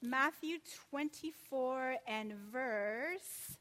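A woman with a high-pitched voice preaches a sermon very slowly in a large hall. She's animated and full of rhetorical questions, acting out quotes as she goes.

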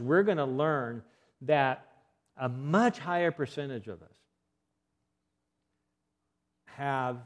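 A man giving an earnest health lecture, emphatic and given to repeating key points. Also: mid-range voice.

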